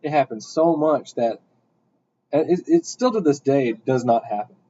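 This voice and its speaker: A man's voice: mid-range voice, normal speed, a little hiss or hum. Rambling young man, dull lo-fi sound. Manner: rambling storyteller, animated bursts. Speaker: podcast host. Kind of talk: casual chat.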